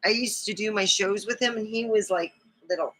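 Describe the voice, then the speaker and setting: A woman's voice: medium pitch, a little fast, fairly bright tone. A woman hosting a casual livestream, rambling affectionately and talking to her cat as she plays with it. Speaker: livestream host.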